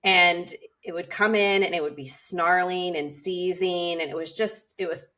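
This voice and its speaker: A woman podcast host telling a story in casual conversation, in an animated storytelling manner. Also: on the low side, measured pace.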